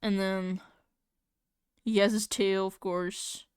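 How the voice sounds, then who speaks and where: A woman's voice: medium pitch, level tone, slow, clean tone, no room sound, studio quality. A young woman live-streaming as she draws, chatting casually in a giggly, rambling, playfully exasperated way. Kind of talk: casual live-stream chat while drawing.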